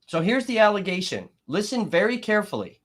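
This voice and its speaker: A man's voice: sits high, very animated, fairly quick. Angry swearing streamer, man. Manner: angry, swears constantly, gets worked up and loud. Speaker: livestream host reacting to a trial. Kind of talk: heated profane commentary to a live chat.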